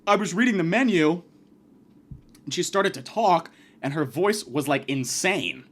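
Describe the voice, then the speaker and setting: A man's voice: fairly high pitch, lively intonation, a little slow, fairly bright tone. A man hosting a podcast, delivering a profane, sarcastic comedic rant. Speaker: podcast host.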